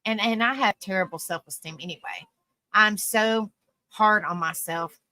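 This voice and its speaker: A woman's voice: mid-range voice, moderate pace, pushed and bright. A woman hosting a live online panel, talking casually and earnestly in a rambling way, full of "you know" fillers. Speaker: live-stream panel host. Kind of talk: casual live-stream talk.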